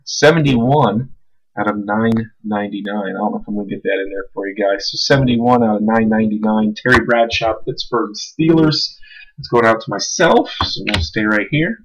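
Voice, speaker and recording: Dude running a live card break stream, chatty and laid back, some faint hiss and clicks. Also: male voice, medium pitch, fairly bright tone, poor audio. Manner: casual, chatty, calls out cards and names.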